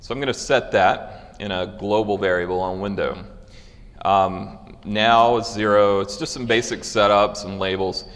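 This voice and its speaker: A man's voice: lowish voice, steady tone, measured pace, a bit bright, long reverb tail. A man giving a technical conference talk with live demos, casual and loose, with frequent fillers and restarts. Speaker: conference speaker. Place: conference hall.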